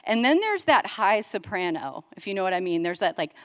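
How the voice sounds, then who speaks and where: A woman giving an inspirational conference talk, telling a story with lively quoted voices and building to an earnest appeal. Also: medium pitch, fairly quick. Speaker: conference speaker. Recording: long hall reverb.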